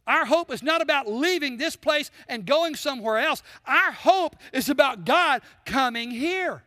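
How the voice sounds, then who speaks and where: A man's voice: very high-pitched, pushed and bright, no room sound, clean studio sound, big-room sound. A man preaching a sermon, emphatic and full of rhetorical questions to the congregation. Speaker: pastor.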